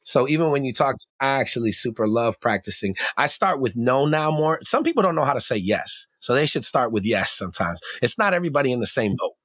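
A man talking as a podcast guest in casual conversation, animated and slangy, often laughing and acting out his own voice. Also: mid-range voice, a little fast, few pauses, no echo, clean studio sound.

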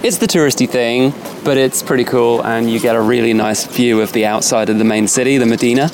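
An easygoing young man from Somerset co-hosts a travel podcast in a relaxed, chatty voice. He jokes around lightly and speaks at a medium pitch, recorded outdoors. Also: fairly quick, background noise. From England, Somerset. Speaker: podcast co-host. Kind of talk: casual travel podcast chat. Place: outdoors at a seaside fort.

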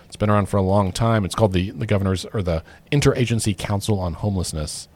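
A man's voice: fairly low pitch, fast talker, a little mellow. A man co-hosting a political podcast in casual chat, restarting phrases often as he talks. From Oklahoma. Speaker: podcast co-host.

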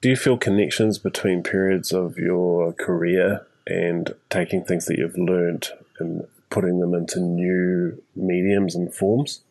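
Gravelly deep-voiced interviewer, dry sound. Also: male voice, little pitch movement, unhurried, few pauses, darkish tone, dry recording, low-quality recording. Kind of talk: reflective interview questions.

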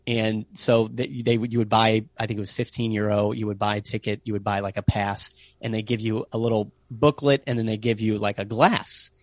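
An American man casually telling travel stories in an interview, animated and sprinkling in playful Italian phrases. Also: lowish voice, fairly quick, hardly any pauses, dry recording. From United States. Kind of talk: casual storytelling chat.

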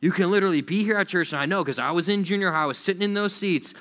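A young adult man preaching a youth sermon, animated and acting out quoted voices. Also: high-pitched, racing. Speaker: youth pastor.

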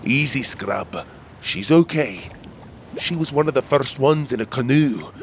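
A man voicing a bold, bearded male ship captain who shouts his orders in a storybook adventure. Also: mid-range voice, expressive, a little slow, a little hiss or hum. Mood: reassuring. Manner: loud, shouting commands.

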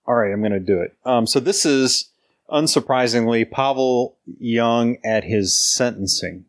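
A man co-hosting a book discussion podcast, talking in a slow, halting way with many fillers, then reading a passage. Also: medium pitch. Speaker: book club podcast co-host. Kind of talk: casual chat, reading a quote aloud.

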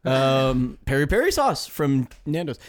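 A man's voice: medium pitch, big pitch swings, unhurried. A young man co-hosting a podcast, chatting casually in a rambling, jokey way with mock-posh asides. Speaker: podcast co-host. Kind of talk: casual comedic chat.

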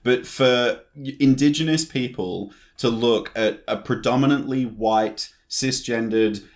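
A mid-pitched man chats easily on a podcast. He sounds supportive and sincere, and is openly moved by what his co-host shares. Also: unhurried. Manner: supportive, emotional, conversational. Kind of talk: casual podcast chat.

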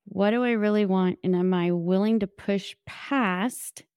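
Slow-talking woman podcast host. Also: medium pitch, a little mellow, clear, resonant tone, no echo, clean studio sound. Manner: encouraging, asks the listener many questions; casual, swears now and then. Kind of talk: motivational podcast monologue.

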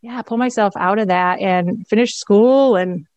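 A woman's voice: medium pitch, measured pace, darkish tone, no echo, muffled recording. Middle-aged woman opening up on a podcast, candid and reflective, dry close sound, laughs here and there. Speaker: guest. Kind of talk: personal story in an interview.

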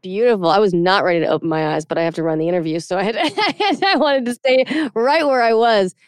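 Smooth-voiced woman interviewer, dry sound. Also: medium pitch, lively intonation, a little fast, no room sound.

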